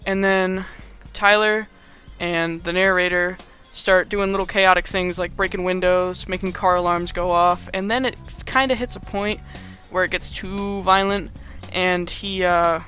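A man's voice: high-pitched, fairly even intonation, unhurried, sharp tone, faint music behind. A young man giving a casual, rambling movie recap in slangy speech full of fillers. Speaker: video host.

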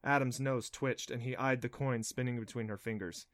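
A man's voice: mid-range voice, moderate pace, no echo. Man narrating a storybook, dry close sound. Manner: steady storytelling. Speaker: audiobook narrator. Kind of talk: scripted narration.

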